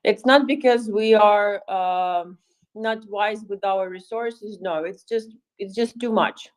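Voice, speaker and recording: A woman's voice: medium pitch, takes it slowly, poor audio. Woman talking with many fillers. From Ukraine. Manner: thoughtful, many fillers and restarts, dry humor. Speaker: volunteer speaker. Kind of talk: casual chat in a live audio room.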